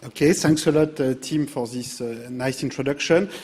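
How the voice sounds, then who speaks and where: A man's voice: mid-range voice, moderate pace, a little mellow. A middle-aged man with a French accent, a native French speaker, giving a public lecture, hesitant with many fillers and restarts. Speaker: guest lecturer. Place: large lecture theatre.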